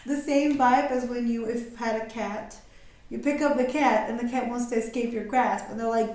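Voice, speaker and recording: Young woman, tarot reader, casual chat, giggly, slightly high voice, very echoey room. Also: fairly even intonation, moderate pace, darkish tone. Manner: giggly, chatty, acts out quoted voices. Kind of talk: casual chatty tarot reading.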